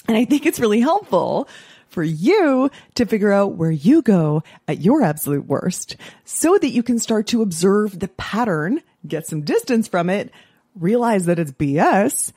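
Blunt, lively woman podcast host. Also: mid-range voice, husky, no echo, studio quality. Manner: blunt, swears freely, acts out quoted excuses in mocking voices. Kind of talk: casual solo podcast talk.

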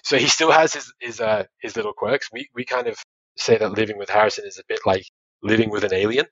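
A man, a father telling stories as a podcast guest, animated and quick to laugh. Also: on the low side, husky, dry recording, lo-fi sound. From Australia. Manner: animated storytelling, laughs often, many restarts. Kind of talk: casual interview chat.

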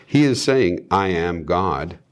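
Man, very low voice, reads scripture, casual asides, bible study talk. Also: lively intonation, takes it slowly. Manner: reads scripture aloud, then adds asides. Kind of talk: casual Bible reading and discussion.

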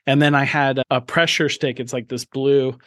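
A man's voice: medium pitch, level tone, moderate pace, a bit bright, dry recording. Male host, 30s, mid-range voice, open and earnest, restarts a lot, dry sound. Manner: earnest and open, with frequent restarts and emphatic bursts. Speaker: podcast host. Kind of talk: candid personal storytelling in an interview.

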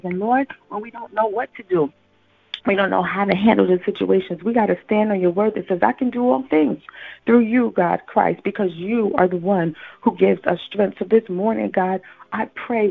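A woman's voice: mid-range voice, creaky, slightly rough. A woman leading a fervent spoken morning prayer, pleading in repeated, rhythmic phrases. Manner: fervent, pleading, repetitive cadence. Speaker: prayer leader. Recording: tinny phone-like line.

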